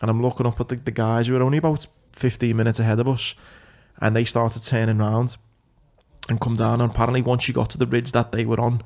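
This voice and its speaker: A man's voice: medium pitch, level tone, fast, darkish tone. A man hosting a podcast, telling long rambling anecdotes in casual chat and swearing freely. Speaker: podcast host.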